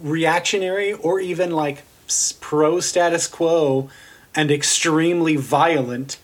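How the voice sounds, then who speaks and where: A man hosting a podcast, making his case earnestly while he thinks aloud. He pauses on fillers and restarts his sentences often. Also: fairly high pitch, steady tone. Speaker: podcast host. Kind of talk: casual political discussion.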